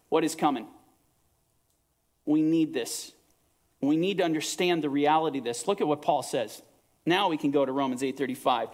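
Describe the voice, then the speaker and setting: A man giving a sermon-style Bible teaching, emphatic and preacherly, swinging between soaring lines and hushed ones. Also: on the high side, moderate pace.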